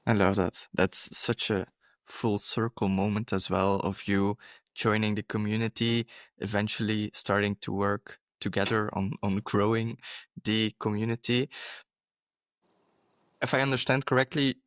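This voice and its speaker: Low-voiced male podcast host. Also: level tone, a little slow, dry recording. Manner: affirming, checks his understanding. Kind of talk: interview.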